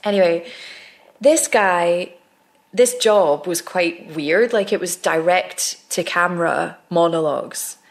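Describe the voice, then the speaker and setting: A woman's voice: on the low side, takes it slowly. A woman actress, a podcast guest, telling candid stories in casual conversation with frequent restarts.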